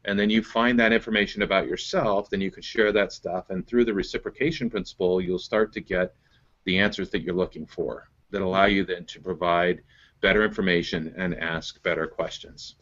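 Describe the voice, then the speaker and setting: A man's voice: low voice, fairly even intonation, brisk, fairly bright tone, muffled recording. A man hosting as a business coach, explaining methods step by step and checking in with "right?". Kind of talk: coaching conversation on a call.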